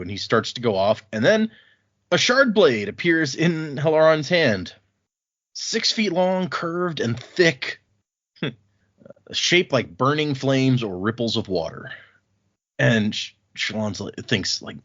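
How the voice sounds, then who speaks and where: A man co-hosting a podcast, casually recapping book chapters and paraphrasing the characters' lines in an animated way. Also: medium pitch, measured pace, muffled recording. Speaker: podcast co-host.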